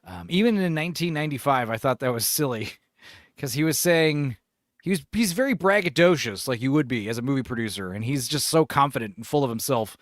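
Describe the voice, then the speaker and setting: A man in his forties hosting a podcast in casual chat, laughing, swearing and doing animated impressions. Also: mid-range voice, a little fast, no echo, studio quality. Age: 40s. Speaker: podcast host.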